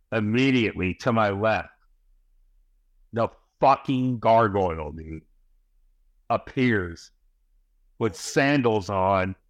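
A man's voice: fairly low pitch, no echo. A middle-aged man, a podcast guest, telling a long story in casual chat, rambling and swearing, tagging sentences with "right?" and "bro".

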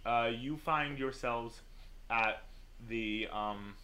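A man running a tabletop game as game master, narrating in a relaxed way with many fillers. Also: mid-range voice, very slow, a little hiss or hum.

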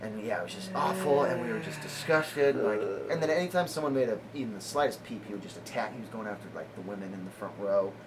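With a lowish voice and few pauses, a fast-talking comedian guest spins a loose, casual story, laughing often and filling it with "like." Background noise is audible.

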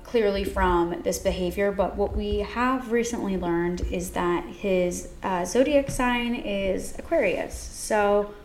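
A woman's voice: mid-range voice, slow, hardly any pauses, a little mellow, slight background noise. A young woman co-hosting a casual news podcast, chatty, adding jokey asides between the facts. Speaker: podcast co-host.

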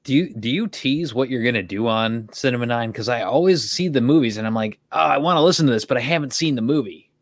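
A man's voice: mid-range voice, lively intonation, fast, no echo. A man, a podcast guest, chatting casually and emphatically about movies. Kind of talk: casual chat.

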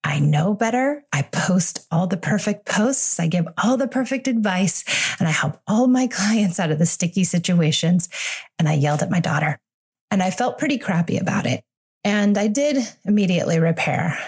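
A woman's voice: lowish voice, lively intonation, normal speed, a little mellow, husky. A woman in her forties, a parenting coach hosting her own podcast, talking in a candid, earnest and reassuring way. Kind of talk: solo podcast monologue.

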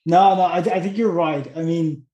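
Chatty podcast guy, voice on the higher side, echoey room, laughs a lot. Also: normal speed, mellow, highs cut off. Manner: chatty, laughs easily, lots of restarts. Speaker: podcast co-host. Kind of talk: casual podcast chat. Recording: roomy echo.

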